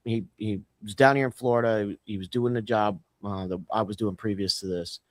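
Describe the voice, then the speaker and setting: A man's voice: on the low side, fairly even intonation, fairly quick, no room sound, clean studio sound. A man co-hosting a podcast, telling a rambling story with loose restarts and casual swearing. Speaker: podcast co-host.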